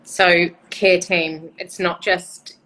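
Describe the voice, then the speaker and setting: A woman's voice: on the low side, level tone, very slow, a bit bright, rough recording. A woman hosting a casual podcast chat, with an enthusiastic manner. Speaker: podcast host.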